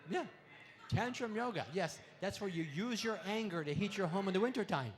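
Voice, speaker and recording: A man doing stand-up comedy on an expo stage, delivering puns in a playful way with sudden loud swells. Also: high-pitched, lively intonation, a little fast. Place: expo stage before a live audience.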